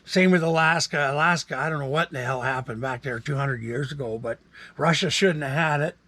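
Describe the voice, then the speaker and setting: A man's voice: on the high side, a little fast, pushed and bright. A man, rambling casually to camera in a laid-back vlog chat. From Canada. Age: 60s. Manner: rambling, laid-back, frequent fillers and asides. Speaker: vlogger.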